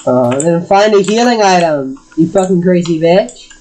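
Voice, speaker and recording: A woman's voice: fairly low pitch, expressive, normal speed, warm tone, slight background noise, poor audio. A woman chatting casually while gaming, swearing a lot and scolding her cat in exasperated bursts. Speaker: gamer streaming with friends.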